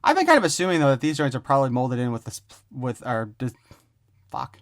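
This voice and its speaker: A man's voice: medium pitch, huge pitch swings, a little fast. A man giving a casual, rambling toy unboxing review, joking around and swearing offhandedly.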